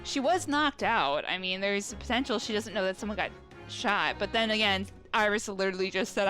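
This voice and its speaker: A woman's voice: medium pitch, fairly quick, pushed and bright. Rambling young woman gaming. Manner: rambling, many fillers. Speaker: let's play host. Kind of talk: casual game commentary. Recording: game music behind.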